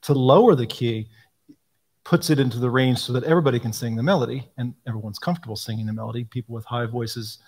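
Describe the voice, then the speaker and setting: A man answering questions about a hymnal, explaining thoughtfully with frequent pauses and ums. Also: medium pitch, a little mellow, husky. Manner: thoughtful, explanatory, frequent ums, quotes hymn lines aloud. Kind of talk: live Q&A talk.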